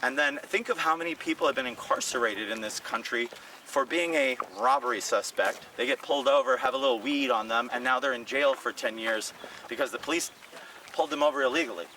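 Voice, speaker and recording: A man's voice: medium pitch, a little fast, recorded from a distance, a little hiss or hum, low-quality recording. A comedian telling stories in casual talk on a city walk, acting out the voices of the people he quotes. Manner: animated, acts out quoted voices. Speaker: comedian and podcast co-host. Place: outdoors on city streets.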